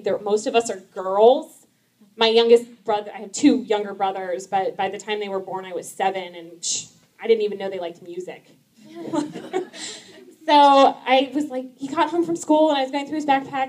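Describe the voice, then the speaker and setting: A woman comedian with a high but darkish-toned voice performs a stand-up set at a live event in front of an audience. She's chatty, laughs at her own jokes, and says "um" a lot.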